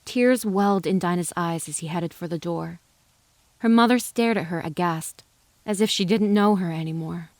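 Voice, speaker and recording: A woman reading a western novel aloud as narrator, in an even, measured storytelling voice. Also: on the low side, no echo. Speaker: audiobook narrator. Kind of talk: scripted narration.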